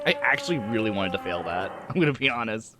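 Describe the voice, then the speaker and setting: A man streaming a game, reacting excitably with swearing and laughter while reading the text aloud. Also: on the low side, fast talker. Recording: noisy stream audio.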